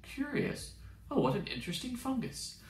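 A man's voice: very high-pitched, sing-song, normal speed, a little mellow, pitched above the performer's own voice. A man voicing a fussy, literal-minded ship AI. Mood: puzzled. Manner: formal, precise, fretful. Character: polite, literal-minded male starship AI. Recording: roomy sound from a distant mic.

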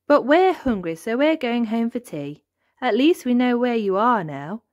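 A woman voicing a cheerful, kindly male elephant in a read-aloud storybook, with a bright, teasing manner. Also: on the high side, animated, a little slow, no room sound, highs cut off, voice pushed up.

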